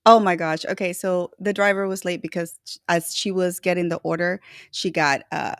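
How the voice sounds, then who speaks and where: A woman's voice: fairly low pitch, fairly even intonation, moderate pace, no room sound, clean studio sound. A woman co-hosting a live stream over a video call, chatting casually, laughing often and greeting viewers by name.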